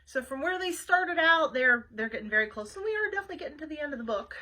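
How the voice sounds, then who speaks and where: Lively woman librarian for a kids' read-aloud, high and bright, talks straight to the kids. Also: fast, low-quality recording. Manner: chatty asides to young listeners. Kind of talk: reading a children's book aloud.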